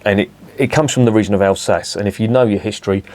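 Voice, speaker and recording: A man's voice: fairly low pitch, fast, a little mellow. A man in his fifties reviewing beer in a casual, rambling, sweary chat full of digressions.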